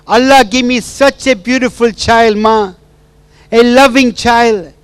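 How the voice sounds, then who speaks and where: A man's voice: very high-pitched, fairly even intonation, measured pace, smooth, no room sound, voice pushed up. A man acting out a young wife who cries and pleads with her absent mother. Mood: pleading. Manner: tearful, pleading, repeating "Ma".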